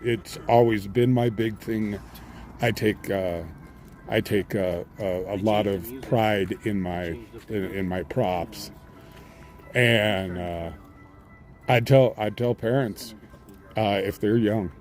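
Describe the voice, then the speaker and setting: A man's voice: lowish voice, steady tone, slow, darkish tone, faint music behind. A man streaming live outdoors, chatting casually and rambling with lots of uh's and restarts. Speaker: independent scanner-chasing reporter. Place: outdoors at a haunted house attraction. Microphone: handheld phone camera.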